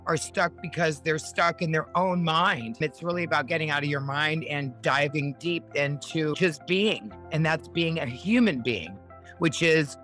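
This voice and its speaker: A middle-aged woman speaking as a podcast guest in a casual, earnest and encouraging way, slowly leading affirmations. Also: sits low, fairly bright tone, faint music behind. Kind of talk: casual motivational chat.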